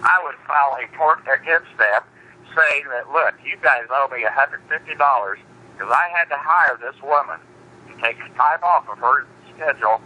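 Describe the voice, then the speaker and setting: A man's voice: medium pitch, moderate pace, pushed and bright, rough recording. A man in casual chat who stammers and repeats his words as he reacts to a friend. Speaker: friend listening.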